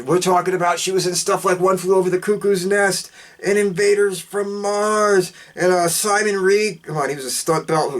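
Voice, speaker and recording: A man hosting a podcast, recapping a film plot in a casual, rambling way and swinging his voice up and down as he talks. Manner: excitable, rambling, jumps up and down in pitch; fast, loose delivery with fillers. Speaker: podcast host reviewing a film.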